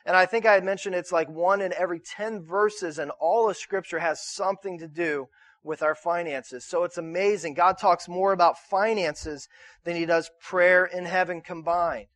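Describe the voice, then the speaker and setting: A man's voice: high-pitched, normal speed, a bit bright, no echo. A man preaching as pastor, talking in a conversational way, asking the congregation to answer back and often repeating words as he restarts. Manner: conversational preaching with call-and-response questions. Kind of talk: sermon.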